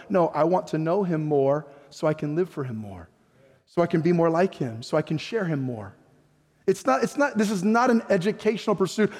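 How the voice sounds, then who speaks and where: A man's voice: a little high, a little mellow, in a large hall. A man preaching a sermon as pastor, emphatic, often putting questions to the congregation. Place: church sanctuary.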